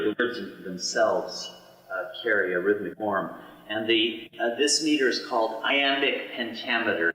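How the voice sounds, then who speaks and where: A man leading a small study session on poetry, explaining slowly with many fillers and reading verse aloud. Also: pushed and bright. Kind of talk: teaching poetry to a small group. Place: room with a small study group. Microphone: boom mic. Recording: roomy hall, boom mic from a distance.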